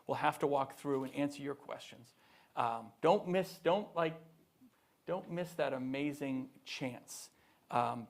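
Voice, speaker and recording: A middle-aged man, a former governor, giving an animated public talk to students, emphatic and full of restarts and fillers. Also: medium pitch. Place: university event hall.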